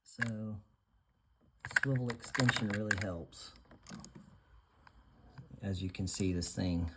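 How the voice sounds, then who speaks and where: A low-voiced man talks slowly while working on a car, casually narrating the how-to as a DIY mechanic host and throwing in self-deprecating jokes. Heavy background noise runs behind him.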